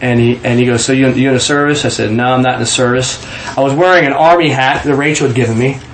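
A man's voice: mid-range voice, fairly even intonation, fast talker, roomy sound, a little hiss or hum, rough recording. A man from Kansas telling a personal testimony in a casual storytelling way, acting out the quoted voices with frequent restarts. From Kansas, USA.

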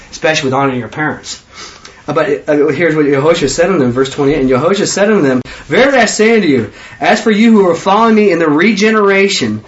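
Lively, high-voiced man preaching. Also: highs cut off. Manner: animated, voices the disciples' questions. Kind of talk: conversational sermon.

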